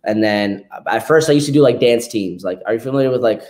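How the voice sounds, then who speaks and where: A man's voice: mid-range voice, fast, a little mellow. A young man, a dancer, talking as a podcast guest in a laid-back way, dropping "like" and "man" often. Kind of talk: casual interview chat.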